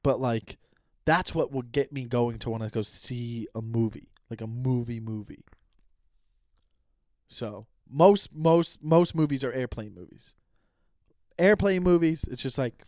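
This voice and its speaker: A man in his thirties hosting a solo podcast, rambling and animated as he rants, swearing casually. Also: mid-range voice, a little slow, no room sound, clean studio sound. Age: 30s. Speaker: podcast host. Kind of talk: solo comedic podcast rant.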